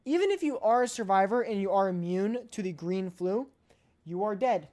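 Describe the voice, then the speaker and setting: A woman's voice: medium pitch, animated, moderate pace, dark tone. Blunt, emphatic woman streamer. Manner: emphatic, playfully blunt, repeats points. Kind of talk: casual live-stream chat.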